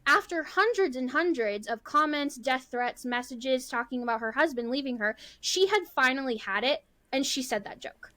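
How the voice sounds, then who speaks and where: A woman's voice: high voice, expressive, normal speed, hardly any pauses, sharp tone. A woman in her thirties co-hosting a casual podcast, talking in a blunt, emphatic way. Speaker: podcast co-host.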